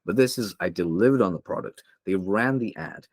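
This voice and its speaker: A man's voice: low-pitched, a little fast, a little mellow, no room sound, studio quality. A young man from England, a podcast guest, telling a painful personal story openly and emotionally, rambling with many fillers. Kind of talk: candid interview storytelling.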